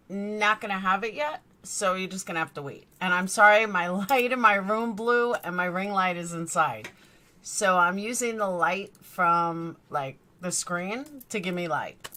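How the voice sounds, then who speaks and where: A woman's voice: medium pitch, pushed and bright. A middle-aged woman hosting a casual live stream from her bedroom, rambling and chatting while greeting viewers by name. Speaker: true crime streamer. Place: bedroom lit by a screen.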